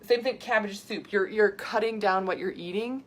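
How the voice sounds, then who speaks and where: A woman in her thirties, a health coach hosting a casual live video, talking to viewers in an animated, chatty way and reacting excitedly to their comments. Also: medium pitch, moderate pace. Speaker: health coach and podcast host.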